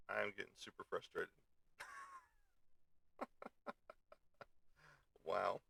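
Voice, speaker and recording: A man with a gravelly, bright voice hosts a casual live stream from his home desk. He grumbles and swears as his computer keeps failing him. The sound is close and dry on a desk microphone. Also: low-pitched, steady tone, drawn-out words, long pauses, no room sound. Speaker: show host.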